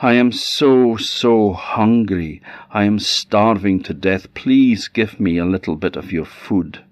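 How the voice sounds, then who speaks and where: A man with an Orcadian accent voicing a starving talking raven that pleads slowly for food. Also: lowish voice, no room sound. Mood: pleading. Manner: slow, pleading. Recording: slightly dull audio.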